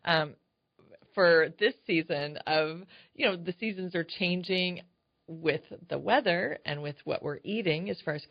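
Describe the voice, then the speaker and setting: An older woman co-hosting a casual chat show, talking in a chatty, animated way. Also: lowish voice, no echo. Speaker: co-host. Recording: dry, dull lo-fi sound.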